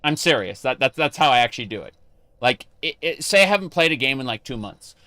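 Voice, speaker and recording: A man's voice: mid-range voice, very animated, fast talker, pushed and bright, dry recording. A man chatting casually with his live-stream chat while playing a game, rambling with many fillers and restarts.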